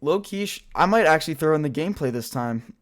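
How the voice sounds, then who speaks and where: A man's voice: on the high side, expressive, fast. A young man telling a rambling, profane childhood story in a casual vlog while gaming, full of filler words. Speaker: storyteller vlogger.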